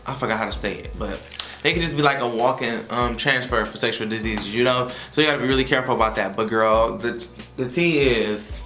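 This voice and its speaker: Young man, sassy college vlogger, bright tone, echoey room. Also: mid-range voice, fairly quick, soft background music. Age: young adult. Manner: sassy, animated, slangy. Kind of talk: casual advice vlog.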